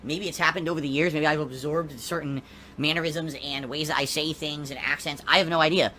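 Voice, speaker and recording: A male streamer from Connecticut answers his critics quickly and defensively. His voice is bright and sharp. Faint noise hums under the recording. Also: fairly high pitch, fairly even intonation. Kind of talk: defensive talk to his viewers.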